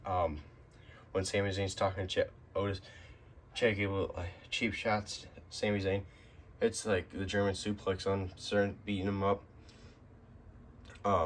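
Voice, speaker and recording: Low, level-toned male host for a loose, rambling weekly recap. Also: a little hiss or hum. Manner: rambling, many fillers and restarts. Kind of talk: casual spoken recap.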